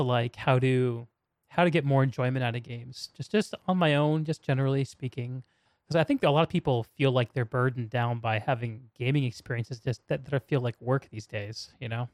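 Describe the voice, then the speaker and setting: Man, medium pitch, dry sound, relaxed co-host for a casual chat. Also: no room sound. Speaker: podcast co-host.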